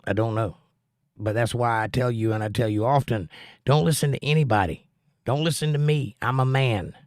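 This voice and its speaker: A man's voice: medium pitch, moderate pace, darkish tone, no room sound, clean studio sound. A middle-aged American man with a plainspoken, earnest manner, chatting with his stream audience and teaching about the Bible. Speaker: livestream host and Bible teacher. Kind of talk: casual chat and Bible teaching.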